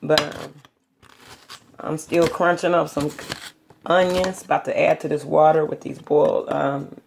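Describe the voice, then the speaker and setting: A woman's voice: low-pitched, flat delivery, unhurried, vocal fry, darkish tone, slight background noise. A middle-aged woman vlogging from her home kitchen, telling rambling stories in a chatty, casual way. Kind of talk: casual chat.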